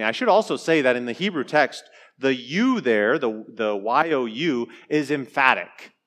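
A man's voice: on the high side, lively intonation, moderate pace, hardly any pauses. Joking, conversational male preacher. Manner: conversational, joking asides with hesitant restarts. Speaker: pastor. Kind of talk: sermon.

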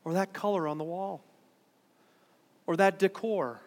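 Bright high-voiced male preacher in a hall. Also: a little slow. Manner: conversational preaching, rising to emphatic. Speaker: pastor. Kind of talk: sermon. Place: church worship center.

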